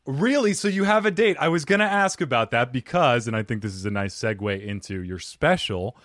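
A man's voice: mid-range voice, expressive, fairly quick, fairly bright tone, no room sound, clean studio sound. A man hosting a podcast, chatting playfully with his guest and laughing often. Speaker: podcast host. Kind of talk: casual podcast interview.

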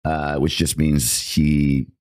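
A man co-hosting a podcast in casual chat, laid-back and jokey, swearing freely and slipping into quick impressions. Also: a bass voice, level tone, darkish tone. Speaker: podcast co-host.

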